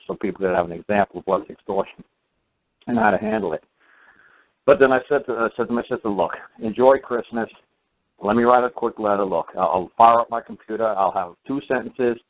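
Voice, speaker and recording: A man telling a long story in a casual, rambling way, full of fillers and acted-out quotes. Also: lowish voice. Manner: rambling, many fillers, acts out quoted voices. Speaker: speaker giving recorded teachings. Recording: tinny phone-line sound.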